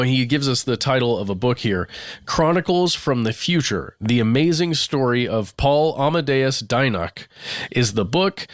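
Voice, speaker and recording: A male podcast co-host reads out a listener's email in an easygoing, chatty manner, tossing in asides and the odd swear word. His voice sits in a middle range, and the studio sound is dry and close with no room echo. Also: mid-range voice. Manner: chatty and loose, with laughs and casual swearing. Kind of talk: casual podcast chat, reading a listener email aloud.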